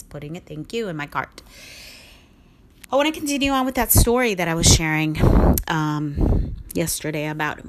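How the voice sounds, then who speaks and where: Woman podcast host, lower-pitched, encouraging and chatty, loose off-the-cuff delivery. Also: fairly bright tone. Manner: upbeat, encouraging, rambling with restarts. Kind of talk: casual motivational talk.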